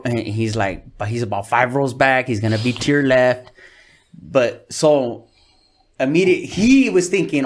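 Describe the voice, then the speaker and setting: A man's voice: medium pitch, animated, moderate pace. A man from California, a comedian telling stories in a casual interview, full of slang and swearing. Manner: slangy, profane, laid-back storytelling. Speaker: comedian guest.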